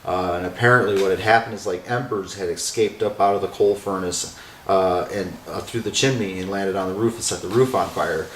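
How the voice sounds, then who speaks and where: A man's voice: low voice, fairly even intonation, fairly quick, fairly bright tone, slight background noise. A man who owns an old school building, answering interview questions in a rambling, casual way with lots of fillers. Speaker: owner of a haunted former school. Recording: roomy echo with faint music.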